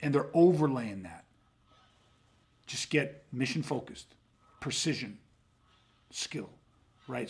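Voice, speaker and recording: A man's voice: medium pitch, moderate pace, pauses often, slightly rough. A man co-hosting a podcast, talking casually and emphatically with frequent swearing. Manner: emphatic, profane, animated storytelling. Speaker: podcast co-host.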